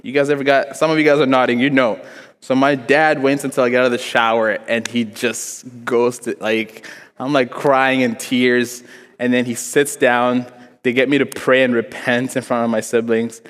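A young man from Africa giving an animated, joking sermon to a congregation, telling a story from his childhood and acting out the voices in it. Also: medium pitch, normal speed. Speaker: preacher. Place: church hall before a congregation. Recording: long hall reverb.

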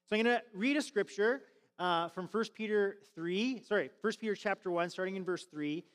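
A male pastor delivers a conversational sermon, dotted with fillers and restarts. His voice sits high for a man. The sound carries a long reverb from a large church hall. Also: moderate pace, a bit bright. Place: church sanctuary.

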